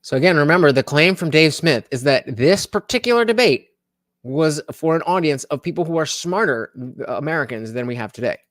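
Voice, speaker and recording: A man's voice: fairly high pitch, lively intonation, a little fast, a bit bright, dry recording. A man casually commenting over video clips on a live stream, rambling with lots of restarts and repeated words.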